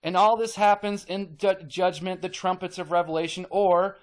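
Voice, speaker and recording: In a high-pitched, steady voice at a moderate pace, a man rants to the camera on the channel he hosts. He's emphatic and repetitive, swearing offhandedly as he gets worked up.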